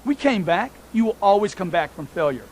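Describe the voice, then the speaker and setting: A man's voice: sits high, expressive, brisk, a little hiss or hum. A man giving a motivational talk, emphatic and repetitive, speaking straight to his listeners as folks.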